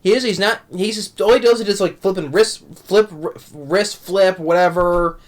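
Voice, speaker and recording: A man's voice: sits high, moderate pace. A young man giving a rambling, exasperated movie review rant at home, tripping over his words and restarting often.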